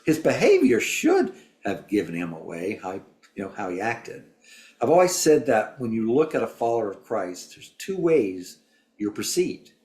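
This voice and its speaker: Class member, man, reflective, lively pitch, roomy church room. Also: normal speed. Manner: reflective, explains with homespun examples. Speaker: class participant. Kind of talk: group Bible discussion.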